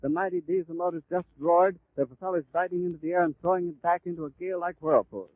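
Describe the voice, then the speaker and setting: A man's voice: sits high, steady tone, quick pace, no room sound. A man giving vivid live eyewitness radio commentary, describing the scene in flowing detail with occasional stumbles. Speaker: radio announcer. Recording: tinny, dry 1930s radio recording.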